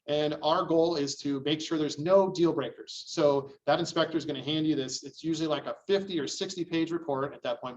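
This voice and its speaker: A middle-aged man giving a real estate training lecture, acting out excited and panicked clients in raised voices. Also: a little high. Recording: distant, slightly dull mic sound.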